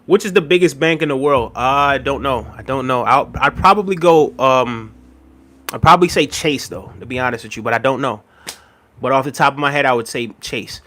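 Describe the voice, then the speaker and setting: An American man hosts a casual livestream, reading viewer comments aloud and answering them with frequent chuckles. His voice is mid-range and fairly bright, and he talks fairly quickly.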